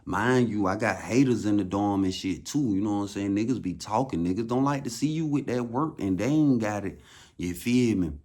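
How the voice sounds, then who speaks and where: Low-voiced Atlanta man, casual slangy storyteller, animated. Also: normal speed. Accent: Southern US, Atlanta. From Atlanta, USA. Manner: slangy, animated, repeats for emphasis.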